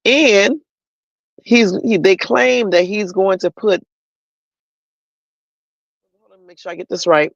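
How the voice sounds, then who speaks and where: A man's voice: high voice, takes it slowly, gravelly, pauses often, no room sound, dull audio. A man hosting a livestream, giving chatty, opinionated commentary on the news and talking straight to his viewers. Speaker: livestream host.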